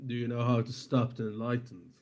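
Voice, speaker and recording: A man's voice: medium pitch, little pitch movement, fairly quick, a little mellow. A man playing a tabletop role-playing game, talking casually and stumbling over his words. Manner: hesitant, stumbling. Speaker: player.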